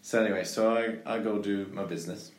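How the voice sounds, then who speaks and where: A man's voice: on the low side, steady tone, fairly quick, roomy sound. A man casually chatting and telling a rambling anecdote, full of restarts and fillers.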